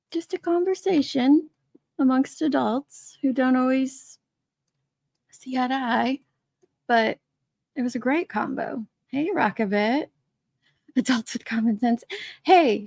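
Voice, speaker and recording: Chatty woman streamer with a gravelly edge. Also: sits high, a little mellow, no room sound, studio quality. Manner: chatty, laughing often, greeting chat names. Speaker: livestream host. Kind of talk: casual live-stream chat greeting viewers. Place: basement man cave with a gray wall.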